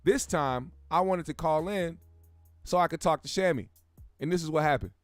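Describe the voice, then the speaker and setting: A man's voice: fairly high pitch, normal speed, no echo, faint music behind. A young man hosting a casual pop-culture commentary show, talking in a profane, rambling way with frequent restarts. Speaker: host.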